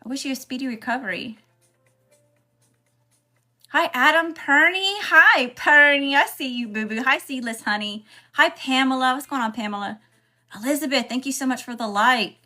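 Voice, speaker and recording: A woman's voice: on the high side, brisk, bright, forceful tone. A woman hosting a spiritual livestream, chatting casually and greeting viewers by name.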